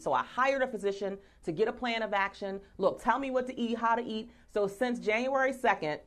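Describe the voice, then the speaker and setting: A woman in her forties hosting a live-streamed talk show. She speaks in an animated, playful way, often laughing and talking straight to her viewers. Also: fairly high pitch, brisk, few pauses. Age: 40s. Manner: conversational, addressing viewers directly.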